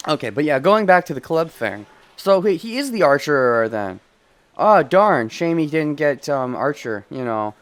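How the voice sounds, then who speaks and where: A man's voice: a little high, animated, fairly quick. A man streaming a game, chatting in a rambling, self-correcting way and reading story text aloud. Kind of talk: casual let's play commentary.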